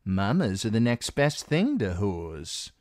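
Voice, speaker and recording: A man's voice: lowish voice, big pitch swings, slow, darkish tone, no echo. A cocky young guardsman, smug and leering, his voice jumping up with swagger, as a male narrator acts him out. The read is dry and up close.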